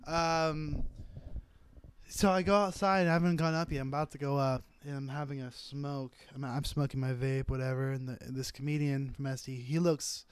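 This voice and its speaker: Here a San Francisco Bay Area stand-up, young and male, tells a meandering, foul-mouthed tale while co-hosting a podcast. He speaks at a normal pace in a level, mid-range, clean voice, captured on a close mic without any room sound.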